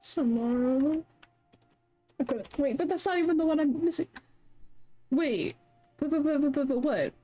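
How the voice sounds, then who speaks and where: Chatting casually on a livestream, a woman speaks fairly quickly in a high, animated, warm voice, pausing often. Flustered and confused, she curses a lot and breaks into singing along with the music playing behind her.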